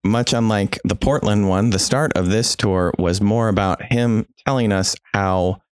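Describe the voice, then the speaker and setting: A man with a very low voice tells the story in a relaxed, wry way. His dry humor stays understated. The sound is close and dry, with no room echo. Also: measured pace, smooth. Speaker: podcast co-host. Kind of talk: casual chat.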